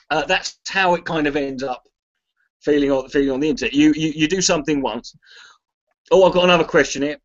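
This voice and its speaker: A man's voice: fairly high pitch, brisk, dull audio. A man who is a comedian chats loosely on a charity livestream, swearing freely, mocking himself and reading chat messages aloud. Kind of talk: casual rambling livestream chat.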